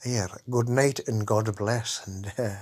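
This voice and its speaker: Slow and steady, a man with a low, darkish, husky voice hosts a podcast. His casual comedy monologue meanders crudely, full of constant swearing and punctuated by "eh?".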